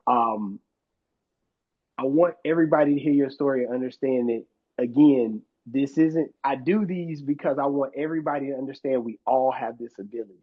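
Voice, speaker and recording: Husky-voiced male podcast host. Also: medium pitch, normal speed. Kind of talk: casual conversation. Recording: slightly dull lo-fi sound.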